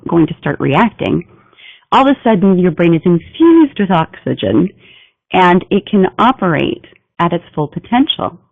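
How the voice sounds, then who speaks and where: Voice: mid-range voice, creaky, dry recording. A communication trainer giving a business training talk in an emphatic, coaching delivery. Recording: tinny phone-like dry recording.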